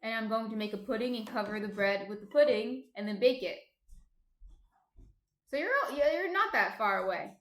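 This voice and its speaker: A woman with a New Jersey accent hosting a casual live cooking stream from home, chatty and quick to laugh as she reads out chat messages. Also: on the high side, a bit bright. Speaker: stream host, baker. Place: home apartment. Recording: roomy echo.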